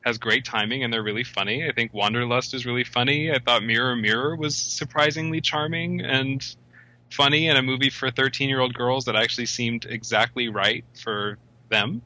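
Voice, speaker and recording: A man's voice: medium pitch, moderate pace, pushed and bright, rough recording. A man co-hosting a casual film podcast, wry and enthusiastic, joking at his own expense. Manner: wry, enthusiastic, self-mocking. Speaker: podcast co-host.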